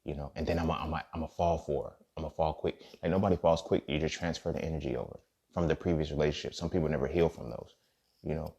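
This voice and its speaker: A man's voice: extremely low pitch, steady tone, fast, gravelly, a little mellow, slightly rough. A man hosting a podcast, telling a personal story in a loose, slangy, profane way and often checking in with "you feel me.". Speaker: podcast host. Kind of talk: casual storytelling monologue.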